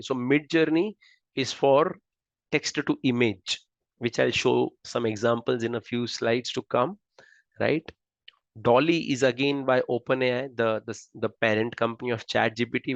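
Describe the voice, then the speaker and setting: A man's voice: mid-range voice, no room sound, dull audio. A man with an Indian accent giving a slide lecture in a chatty, conversational way, often checking in with "right?". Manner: conversational, keeps asking "right?".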